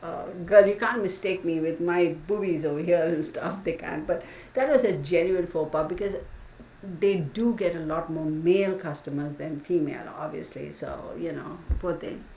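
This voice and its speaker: On a laid-back livestream, a woman hosting her channel spins chatty stories, laughing a lot and saying y'all. Her deep voice is gravelly and warm, moving at a normal speed. The mic is distant, catching an echoey room and faint hiss.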